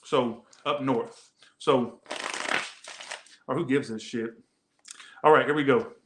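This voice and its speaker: A man's voice: medium pitch, takes it slowly, echoey room, noisy background. A man doing a casual tarot reading, rambling and swearing, often repeating himself. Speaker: tarot reader.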